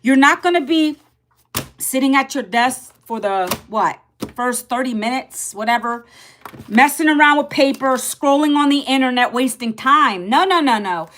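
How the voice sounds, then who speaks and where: A woman in her fifties talking casually to camera as an online business coach, chatty, repeating herself and calling viewers "guys". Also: normal speed. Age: 50s. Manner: lively, pitch jumps up and drops low.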